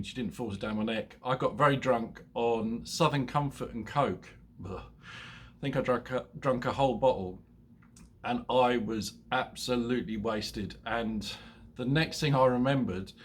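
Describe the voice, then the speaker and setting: A husky-voiced man in his fifties chats to camera from his home, hungover after a night's drinking. He tells stories in a rambling, self-mocking way and laughs at his own jokes. His pitch sits in the middle of the male range. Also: a bit bright. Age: 50s. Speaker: motorcycle vlogger. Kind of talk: casual chat to camera. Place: at home, indoors.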